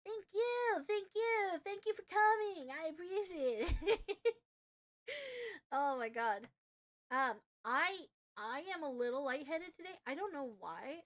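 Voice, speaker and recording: A young woman streaming live, reacting excitably with swearing and loud outbursts. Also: extremely high pitch, unhurried.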